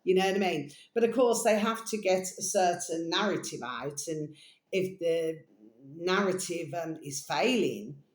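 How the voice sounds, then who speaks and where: A woman vlogging in a rambling, casual monologue, full of fillers and slow dictation. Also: on the low side. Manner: meandering, full of fillers, dictating text slowly; coos baby talk to her pet. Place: home room. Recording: echoey room.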